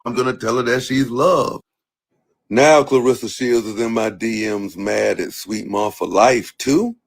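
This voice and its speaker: Steady man calling someone out. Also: medium pitch, unhurried, creaky. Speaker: content creator in a played clip. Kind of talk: social media video addressing someone.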